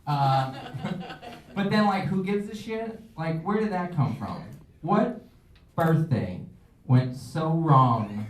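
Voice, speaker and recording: A man doing a stand-up set in a halting, rambling way, with many fillers. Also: on the high side, lively intonation. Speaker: stand-up comedian. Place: small comedy club. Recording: echoey club audio from a distant mic.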